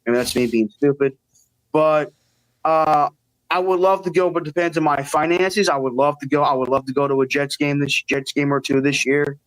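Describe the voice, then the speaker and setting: A man's voice: on the high side, steady tone, normal speed, no room sound, poor audio. A man calling in to a live stream, talking in an earnest, rambling way and putting himself down at times. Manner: earnest, rambling, self-deprecating. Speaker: caller. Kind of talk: call-in chat.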